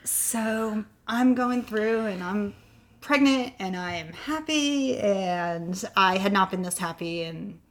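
A woman's voice: medium pitch, lively intonation, takes it slowly. A woman in an interview, candidly telling a long personal story and getting choked up at times. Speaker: guest sharing her fertility story.

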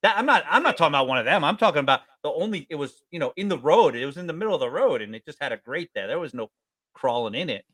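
A man in his forties from New York State tells stories in a lively voice that jumps all over its range. He sounds close and dry, with no room around him. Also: rapid-fire, no room sound. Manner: animated storyteller, jumps up in pitch. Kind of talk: casual chat.

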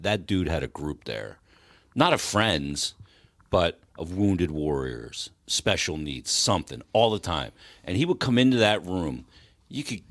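A man's voice: deep voice, fairly bright tone. A man co-hosting a sports podcast, blunt and profane, giving strong opinions in casual chat. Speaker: podcast co-host, former media member.

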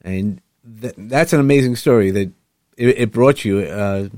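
A man hosting a podcast interview, encouraging his guest and often pausing with "uh". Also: lowish voice, warm tone, no room sound, clean studio sound. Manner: encouraging, with frequent filler "uh"s. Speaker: podcast host. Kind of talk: casual interview chat.

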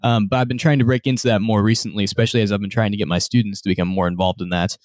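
A man's voice: on the low side, fairly even intonation, rapid-fire, no echo. A man who teaches music, asking curious questions and thinking aloud in a casual group discussion. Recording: dry, close sound.

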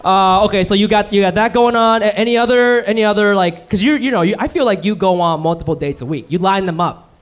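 A man co-hosting a live podcast on stage, talking into a microphone, animated and teasing in banter with his guests. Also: high-pitched, quick pace. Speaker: podcast co-host.

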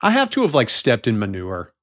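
A man co-hosting a casual podcast chat, animated and swearing freely, reading the show credits. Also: medium pitch, a little fast, no echo, clean studio sound. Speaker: podcast co-host.

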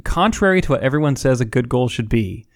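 A man's voice: mid-range voice, animated, fast, no echo, clean studio sound. A man in his late thirties with an ordinary mid-range voice, co-hosting a casual podcast. He tells stories with playful asides and laughs often. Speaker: podcast co-host. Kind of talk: casual chat.

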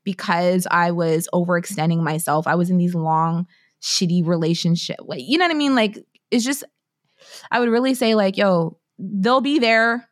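A woman's voice: fairly low pitch, normal speed. A woman from Canada in her thirties, an author talking candidly and bluntly in an interview, with plenty of slang and swearing. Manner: blunt, profane and emphatic, full of slang. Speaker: author and podcast guest.

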